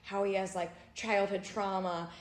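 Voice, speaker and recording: A young woman co-hosting a podcast, telling an animated story full of fillers and bursts of laughter. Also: mid-range voice, unhurried. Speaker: podcast co-host. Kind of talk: casual storytelling chat. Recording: roomy echo.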